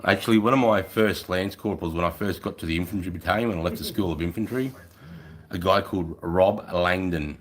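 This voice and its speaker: Low-pitched and brisk, a middle-aged former soldier from Australia chats casually on a podcast, spinning blunt, heavily profane stories.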